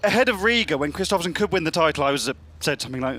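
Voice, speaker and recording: Fast-talking man, high bright voice. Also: expressive. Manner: quick storytelling, teasing. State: out of breath. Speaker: rallycross co-commentator. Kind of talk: casual live broadcast chat.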